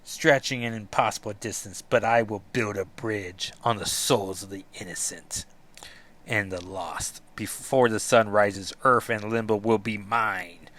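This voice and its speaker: A man's voice: fairly low pitch, a little slow, fairly bright tone. A man voicing a scheming male demon lord who gloats grandly over his plans. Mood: gloating. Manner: grandiose, gloating villain speech.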